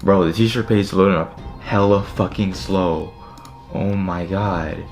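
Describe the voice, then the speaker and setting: A young streetwear vlogger with a low, deep voice speaks slowly and in a steady tone, addressing his audience directly. In casual live commentary he grumbles and swears over an online checkout, sounding annoyed and exasperated, while faint music plays quietly behind him.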